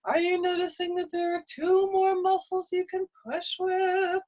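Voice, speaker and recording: A woman leads a voice lesson, explaining each warm-up exercise and then cueing students with quick prompts. She keeps a friendly teaching tone. Between rounds she sounds short of breath. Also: very high-pitched, little pitch movement, poor audio. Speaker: singing teacher.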